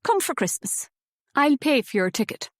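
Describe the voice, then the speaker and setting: A woman voicing a middle-aged aunt with an Irish accent, halting and apologetic. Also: high voice, sing-song, no echo, studio quality, pitched above the performer's own voice.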